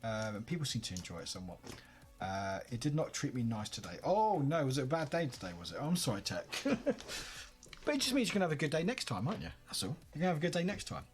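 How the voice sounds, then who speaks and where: A man's voice: medium pitch, big pitch swings, fast talker, faint music behind. A tired man chatting casually on a live stream, upbeat and greeting his viewers by name.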